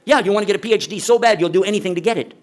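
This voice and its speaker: A man's voice: sits high, rapid-fire. A man lecturing at a conference in a conversational way, asking the audience rhetorical questions. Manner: acts out quoted speakers. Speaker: Islamic lecturer.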